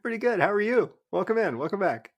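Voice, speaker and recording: A man's voice: high voice, sing-song, quick pace. A man co-hosting a casual podcast who answers with short, dry, wry quips. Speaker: podcast co-host. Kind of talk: casual chat.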